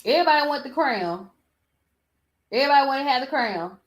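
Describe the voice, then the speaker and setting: Sassy animated woman podcaster. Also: sits high, brisk. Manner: sassy, animated, talks back at clips. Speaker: podcast host. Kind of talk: casual commentary.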